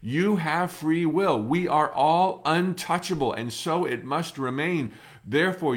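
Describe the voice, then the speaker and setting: A middle-aged man giving a motivational talk to the viewer, earnest and reassuring, repeating key words and swinging between loud emphatic bursts and hushed, low passages. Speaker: motivational speaker.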